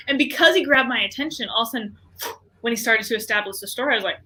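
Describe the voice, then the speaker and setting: Bright, animated businesswoman guest. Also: on the high side, fast. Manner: animated, many fillers, acts out quoted reactions. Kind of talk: enthusiastic interview talk.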